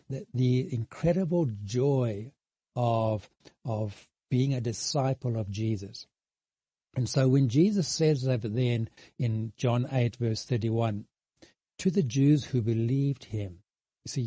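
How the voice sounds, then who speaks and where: A man preaching a sermon, earnest and halting, with many restarts and emphatic repetition. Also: medium pitch, dark tone, no echo. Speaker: pastor.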